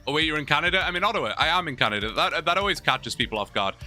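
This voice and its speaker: A man's voice: a little high, animated, very fast, bright, forceful tone, faint music behind. A British man from England, chatting casually and joking with viewers during a live gaming stream. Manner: chatty, joking, many restarts.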